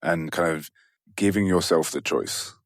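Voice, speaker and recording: A man hosts a podcast interview, talking casually and thinking aloud with lots of fillers. His voice is extremely deep. The recording is close and dry. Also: steady tone, unhurried, no room sound. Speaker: podcast host.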